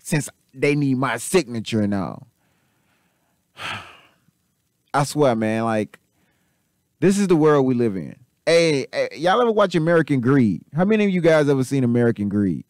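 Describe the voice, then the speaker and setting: A man hosting casual commentary, rambling and repetitive, animated and swearing freely. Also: medium pitch, a little slow, long pauses, dry recording, clean studio sound. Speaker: channel host.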